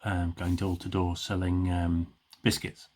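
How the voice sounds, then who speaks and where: Deep-voiced man telling shaggy-dog jokes. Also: completely flat delivery, a little slow, a little mellow. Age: middle-aged. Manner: rambling, with many fillers and restarts. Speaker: joke teller.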